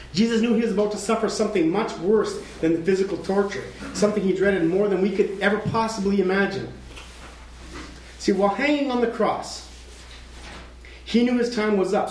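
A male preacher with a high voice delivers a dramatic sermon. He sinks to a hush and then climbs toward a shout. The sound carries the echo of a roomy hall. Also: slight background noise. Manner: dramatic, swings from hushed to shouting.

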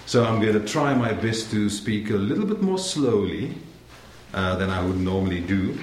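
Expressive and fairly low, this voice belongs to a young South African-accented guest preacher who moves at normal speed. He delivers a sermon in a church sanctuary, friendly and joking with the congregation, captured with roomy church acoustics and faint noise.

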